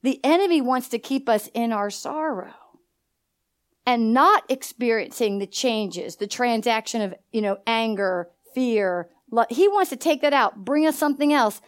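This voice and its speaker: A woman with a high voice preaches to a conference of pastors. She keeps leaving gaps for the congregation to fill in and breaks into personal stories in a lively, conversational way. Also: a little slow. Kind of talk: sermon. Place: church hall.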